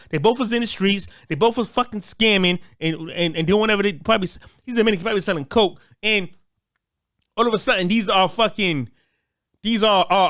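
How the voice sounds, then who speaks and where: A man's voice: high voice, fairly bright tone, no room sound, studio quality. A man giving a heated, profane rant as a commentator, often stammering and repeating words as he restarts.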